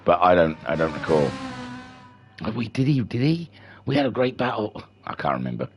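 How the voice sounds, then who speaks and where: A man's voice: fairly low pitch, big pitch swings, brisk. A man doing live commentary for a sim racing league stream, chatty and rambling, with self-deprecating asides. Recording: music playing behind voice. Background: music.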